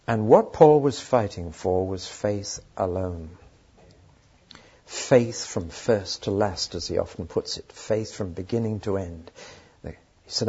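A man's voice: on the low side, lively intonation, measured pace, warm tone, breathy edge. An older man preaching a sermon, telling stories and asking emphatic rhetorical questions. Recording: dull lo-fi sermon recording.

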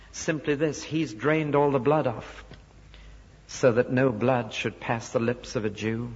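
A man's voice: medium pitch, husky. A man preaching a sermon, explaining scripture and voicing the people he quotes. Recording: dull recording in a large reverberant hall.

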